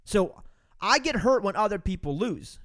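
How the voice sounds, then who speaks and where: A man from Romania hosts his own podcast, delivering an emphatic, preachy motivational monologue and calling his listeners folks. His voice sits high for a man, and his pitch leaps and dips with every point he hammers home. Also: very animated, normal speed, fairly bright tone. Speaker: podcast host.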